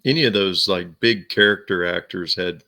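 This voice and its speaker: A man hosting a podcast, telling stories in a casual, animated way and laughing often. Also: deep voice, normal speed. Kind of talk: casual chat.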